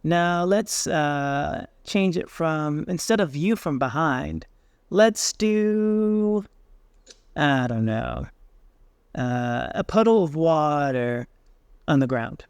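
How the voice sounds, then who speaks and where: A man hosting a software tutorial, casually thinking aloud with fillers as he tries things on screen. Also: a little high, animated, takes it slowly, smooth, no echo, clean studio sound. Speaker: tech tutorial host. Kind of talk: screen-recorded software walkthrough.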